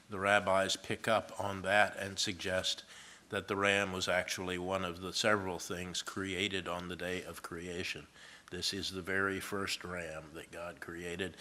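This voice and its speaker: A man's voice: sits low, pushed and bright. An older man, a professor, giving a university lecture, reading passages aloud and explaining them with asides. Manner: reads scripture aloud, then explains it with asides.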